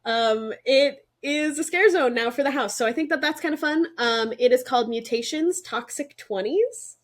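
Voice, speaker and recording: A young woman co-hosting a podcast in casual chat, excited and talkative with lots of fillers. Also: high-pitched, moderate pace. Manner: excited, chatty, many fillers. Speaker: podcast co-host.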